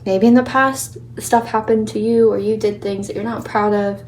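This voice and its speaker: A woman's voice: medium pitch, fairly even intonation, normal speed, darkish tone. A young woman giving a casual tarot reading, chatty and encouraging, a little out of breath and laughing often. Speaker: tarot reader.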